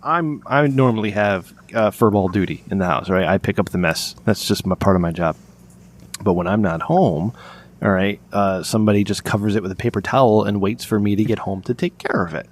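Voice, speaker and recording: A man's voice: lowish voice, lively intonation, fairly quick, vocal fry. A man hosting a podcast, telling a long, rambling, profane story with lots of restarts. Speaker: podcast host. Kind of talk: casual profane podcast chat.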